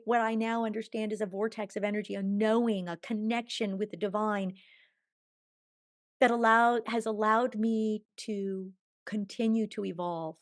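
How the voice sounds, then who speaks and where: A woman guest telling a personal spiritual story in long, tumbling sentences, swinging from hushed murmurs to bright exclamations. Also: mid-range voice, steady tone, moderate pace, no room sound, studio quality. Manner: chatty, tumbling run-on sentences. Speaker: podcast guest.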